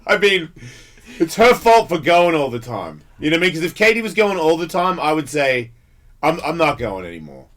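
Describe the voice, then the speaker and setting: A man's voice: a little high, very animated, fairly quick, a bit bright. A man hosting a radio talk show, bantering casually, blunt and jokey, rambling and swearing freely. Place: radio studio.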